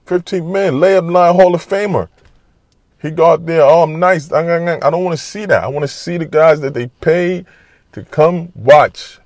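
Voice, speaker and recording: Animated trash-talking New man. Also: a little high, a little slow, no echo, studio quality. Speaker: basketball commentator. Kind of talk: casual sports talk monologue.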